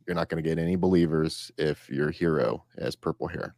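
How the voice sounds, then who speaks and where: A man co-hosting a casual political podcast, making halting, blunt remarks. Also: a bass voice, fairly even intonation, darkish tone, no room sound, clean studio sound. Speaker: podcast co-host.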